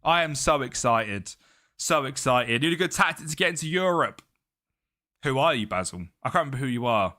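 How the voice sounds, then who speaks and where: A man's voice: medium pitch, lively intonation, a little fast, pushed and bright. A young man, chatting casually with his live-stream chat and greeting viewers by name.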